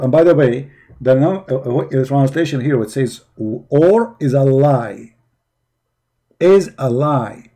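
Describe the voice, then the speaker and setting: Mocking man with a dark voice. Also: a little high, measured pace. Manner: mocking, emphatic, repeats rhetorical questions. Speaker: religion critic presenting. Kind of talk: commentary on articles.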